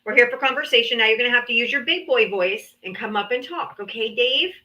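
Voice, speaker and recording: A woman hosts a live-streamed political debate. She sounds bright and forceful. Her tone is teasing and sarcastic, and she talks down to commenters. The stream audio is dull and lo-fi. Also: a little high, quick pace. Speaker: livestream debate host. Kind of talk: casual live-stream talk.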